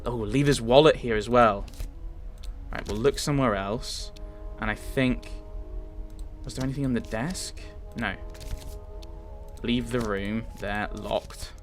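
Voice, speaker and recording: A man's voice: mid-range voice, unhurried, soft background music. Man muttering through a game playthrough. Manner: muttering, thinking aloud. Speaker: let's player. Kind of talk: narrating a narrative game playthrough.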